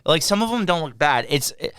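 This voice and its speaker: Smooth-voiced man recapping a movie. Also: on the high side, animated, a little fast, a bit bright, no room sound. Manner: exasperated, sarcastic recapping. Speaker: podcast co-host. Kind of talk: casual movie review chat.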